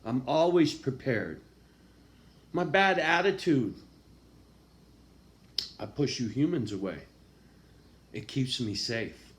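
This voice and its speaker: A man in a raw, confessional monologue, swearing constantly and swinging from quiet, low talk to loud, angry outbursts. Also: animated, slow pace, pauses often. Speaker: vlogger.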